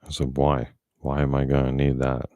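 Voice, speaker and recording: A man's voice: extremely low pitch, completely flat delivery, moderate pace, dark tone, clear, resonant tone, dry recording. A middle-aged man telling a story in a blunt, profane, angry way, as a casual vlogger.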